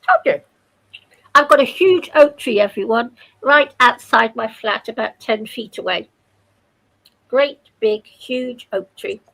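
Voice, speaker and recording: A woman's voice: fairly high pitch, unhurried, vocal fry, fairly bright tone, rough recording. A woman taking part in a live online discussion, chatty and repeating herself. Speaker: participant. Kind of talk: casual chat.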